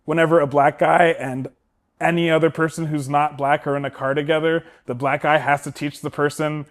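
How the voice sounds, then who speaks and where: A man co-hosting a casual movie podcast, his voice sitting a little high. He retells scenes with animated energy and jumps into the characters' lines as he goes. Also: brisk. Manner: animated storytelling, acting out characters' lines with laughs. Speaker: podcast co-host. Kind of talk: casual movie recap chat.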